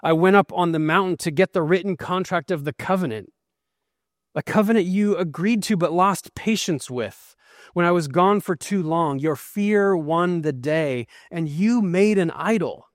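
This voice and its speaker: A man's voice: sits high, moderate pace, no room sound, studio quality, voice pushed up, natural voice. A preacher speaking as an aged prophet who sternly rebukes his stubborn people, in an accusing, emphatic voice. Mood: rebuking.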